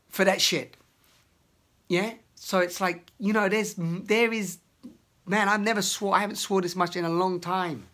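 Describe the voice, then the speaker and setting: A man speaks his mind in a confessional vlog. He rambles and swears freely, and now and then he erupts into loud, angry bursts. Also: sits high, steady tone, a little slow. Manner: rambling, emotional, swears often, shouts in bursts. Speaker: vlogger. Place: outdoors in nature.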